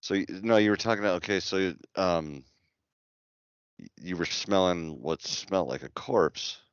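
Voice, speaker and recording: A man co-hosting a podcast in casual chat, laid-back and halting, heard over a muffled call. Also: sits low, clean tone, no echo. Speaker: podcast co-host.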